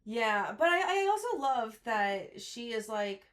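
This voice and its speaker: A woman co-hosting a book podcast, chatting casually with many fillers and lively quotes of characters. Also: a little high, a little slow, few pauses. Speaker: podcast co-host.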